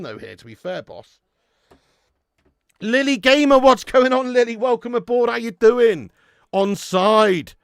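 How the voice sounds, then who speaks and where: This man hosts a live football watch-along, swinging between shouting at the screen and reading out viewer messages. His voice sits very high and has a bright, cutting edge. It is recorded close and dry, with no room around it. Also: no room sound. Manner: excitable, sweary, shouts at the screen; reads out and answers viewer chat. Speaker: watch-along streamer host.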